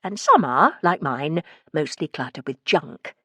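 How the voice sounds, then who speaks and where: A woman narrating a cozy mystery audiobook in a calm, wry storytelling manner. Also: deep voice, unhurried, husky, dry recording. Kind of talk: scripted narration.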